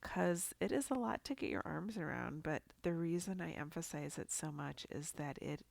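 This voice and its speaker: A middle-aged woman hosting a podcast, speaking calmly and encouragingly in a congested, nasal voice. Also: low voice, moderate pace, creaky, no echo. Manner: calm, encouraging coaching tone. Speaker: podcast host. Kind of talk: scripted podcast talk.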